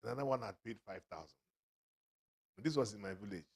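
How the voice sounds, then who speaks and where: A man's voice: fairly low pitch, brisk, darkish tone, husky. A man auctioneering at a book launch, teasing buyers and laughing often. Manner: jovial, teasing, bursts of laughter. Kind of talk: lively fundraising banter. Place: event hall.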